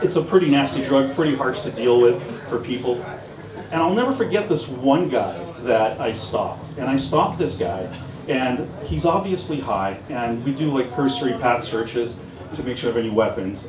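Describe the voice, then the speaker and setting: A man's voice: mid-range voice, lively intonation, moderate pace. Guy telling funny cop stories at a pub event, far from the mic, roomy echo. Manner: humorous, anecdotal, acts out dialogue. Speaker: former police officer sharing stories. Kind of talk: live storytelling talk to an audience. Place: indoors at a busy pub event. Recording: echoey pub from far off with crowd.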